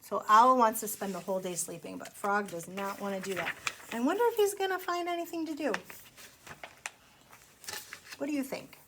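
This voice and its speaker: A woman's voice: fairly high pitch, expressive, moderate pace, long pauses, fairly bright tone, slight background noise, rough recording. A woman reading a picture book aloud to children in a sing-song way, stopping to ask them questions. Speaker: storytime reader.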